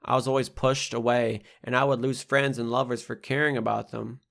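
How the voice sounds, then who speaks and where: A man's voice: mid-range voice, little pitch movement, a little fast, creaky, fairly bright tone. A young man reading his own spoken-word poetry aloud, in a rhythmic, rhyming delivery full of blunt swearing.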